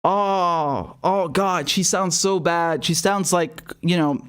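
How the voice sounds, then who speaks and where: A man's voice: sits high, slow pace, a bit bright, smooth. A man reacting to political clips with profane, incredulous and mocking commentary. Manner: incredulous and mocking, swears often.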